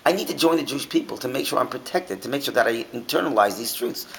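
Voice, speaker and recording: A man's voice: medium pitch, lively intonation, fast, vocal fry, a bit bright, a little hiss or hum, low-quality recording. A man teaching an informal Torah class, asking his listeners many rhetorical questions and often restarting his sentences.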